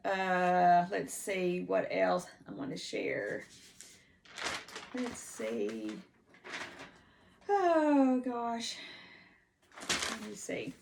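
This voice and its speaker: A woman in her fifties from Texas telling stories from her life in a casual, rambling way, full of "you know" and restarts, pausing to check her notes. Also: medium pitch, big pitch swings, creaky, noisy background. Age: 50s. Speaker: personal storyteller. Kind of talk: casual life-story monologue.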